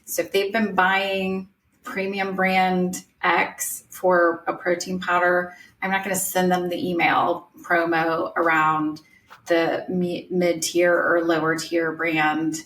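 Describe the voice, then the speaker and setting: Even-toned woman host in a roomy space. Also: fairly low pitch, distant mic. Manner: measured, advisory, asks guests by name. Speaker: podcast host. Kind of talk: conversational podcast interview. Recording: roomy sound, away from mic.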